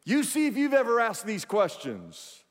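A man preaching a sermon in call-and-response style, asking questions and rising to shouts. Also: sits high, wildly swooping pitch, normal speed, in a large hall. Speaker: pastor.

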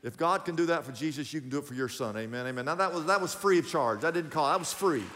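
A pastor with a fairly high voice talks fast in a big, echoing room, preaching a sermon directly to his congregation. He animatedly calls out to them, poses questions and tells them to write points down.

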